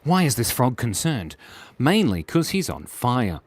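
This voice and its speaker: Sing-song and mid-range, with a darkish tone and moderate pace, this man's voice has no echo. He hosts a kids' live drawing stream, giving casual, playful commentary full of giggles and little voices as he draws.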